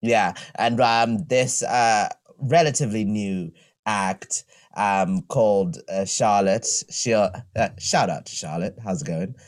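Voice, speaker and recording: A man guesting on a casual comedy podcast, easygoing and quick to laugh. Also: on the low side.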